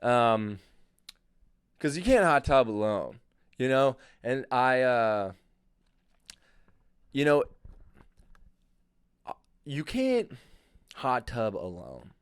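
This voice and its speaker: A man's voice: mid-range voice, sing-song, extremely slow, long pauses, clean tone, no room sound, studio quality. A young man hosting a podcast alone, rambling in a crude, jokey way. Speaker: podcast host. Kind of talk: casual solo monologue.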